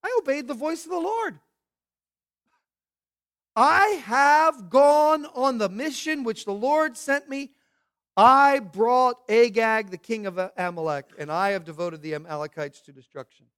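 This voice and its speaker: A man voicing a defensive biblical king caught in a lie, protesting loudly and slowly. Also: very high voice, lively intonation, clean tone, voice pushed up, heavily acted. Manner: loud, protesting, drawn-out.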